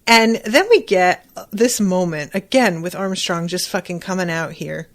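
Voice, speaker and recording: A woman's voice: on the low side, measured pace. A woman hosting a podcast, recapping an episode in casual, chatty talk and acting out quoted lines as she goes. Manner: chatty, animated retelling with quoted asides. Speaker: podcast host. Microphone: desk microphone.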